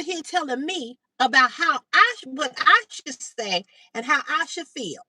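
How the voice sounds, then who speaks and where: A woman hosting a casual livestream, retelling a story in a chatty, animated way and greeting viewers by name. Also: high voice, measured pace, few pauses, no echo. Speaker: livestream host. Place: outdoors in sunlight.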